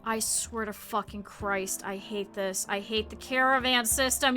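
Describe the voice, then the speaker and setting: Woman streamer, kinda high and really bright, yelling at her colonists and swearing, bit of music under her. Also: fairly even intonation, measured pace, few pauses. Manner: chatty, scolds the game characters, swears, talks to chat. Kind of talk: live gameplay stream commentary.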